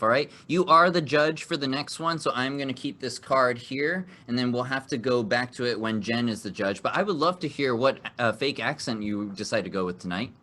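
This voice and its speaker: Male host, live improv show; upbeat, encouraging, bright tone. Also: mid-range voice. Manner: upbeat, encouraging, laughs often.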